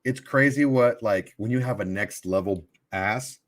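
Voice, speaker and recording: A man with a lowish voice speaks at a measured pace, co-hosting a post-game football podcast. In a casual chat, he tells a long story in a rambling, profane way.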